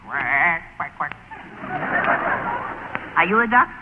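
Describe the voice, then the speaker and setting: Sassy high-voiced boy dummy. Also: very animated, slow. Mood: wisecracking. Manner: sassy quips, stammers in the cold. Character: cheeky wisecracking boy dummy. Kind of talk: 1940s radio comedy. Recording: tinny, hissy old radio broadcast.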